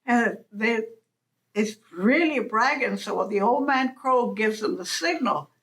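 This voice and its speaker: A woman storyteller with a high voice tells a folk tale at an unhurried pace. Her narration is animated and often breaks into chuckles.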